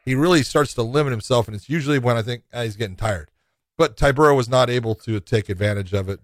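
An easygoing man talks over fights in a relaxed co-host chat, often filling with "you know." His voice sits at a middling pitch, and the recording is dry and close. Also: fast, no room sound. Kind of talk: casual fight breakdown chat.

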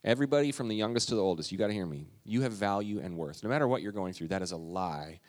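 A man's voice: on the low side, lively intonation, quick pace, darkish tone, in a large hall. A man preaching a sermon as a pastor, in an earnest, conversational way that builds to urgency.

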